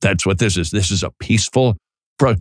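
A man from Minnesota hosting talk radio in a studio, sarcastic and animated, often stammering and restarting his sentences. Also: lowish voice, a little fast, no echo. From Saint Paul, Minnesota. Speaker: radio host.

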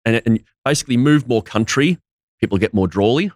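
A man from Australia with an Australian accent, a ministry guest on a radio show, speaking clearly and in a measured way. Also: mid-range voice, lively intonation, darkish tone, dry recording. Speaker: guest, evangelist. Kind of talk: casual interview chat.

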